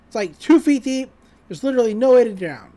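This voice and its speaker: A laid-back teenage boy, offhand and dismissive, as a woman puts him on. The voice is fairly high for a boy, with a lively lilt. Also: brisk, close to an everyday voice.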